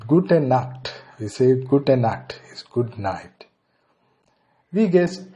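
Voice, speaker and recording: Slow Indian man teaching. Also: mid-range voice, big pitch swings, mellow, muffled recording. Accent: Indian English. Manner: repeats each phrase slowly, then translates it. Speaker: language teacher. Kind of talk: slow beginner language lesson.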